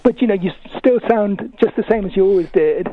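A man's voice: high-pitched, brisk, no room sound. A man calling into a radio show, hesitant and polite. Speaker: caller. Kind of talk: phone-in radio call. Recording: tinny phone line.

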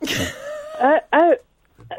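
A woman's voice: a little slow, a little hiss or hum, low-quality recording. A woman from South Africa calling a radio phone-in, teasing and cheeky. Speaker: caller. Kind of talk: phone-in call.

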